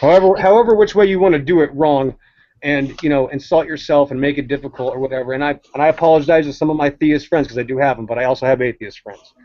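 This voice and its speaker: A man co-hosting a casual talk show, ranting in a blunt, heated way. His voice sits a touch higher than usual for a man. The recording sounds dull and lo-fi. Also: fast talker. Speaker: co-host. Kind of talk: casual opinionated chat.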